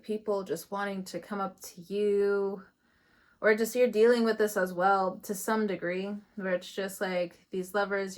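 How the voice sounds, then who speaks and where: A woman doing a casual tarot reading. She talks in a chatty, loose way, laughs often and swears casually. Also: medium pitch. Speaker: tarot reader.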